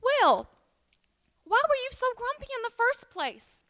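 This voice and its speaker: A Tennessee woman, heavily acting, voices a kindly, fussing 101-year-old lady in a told tall tale. She pitches her voice very high, above her natural range, with big pitch swings, a fairly bright tone, and a slightly slow delivery.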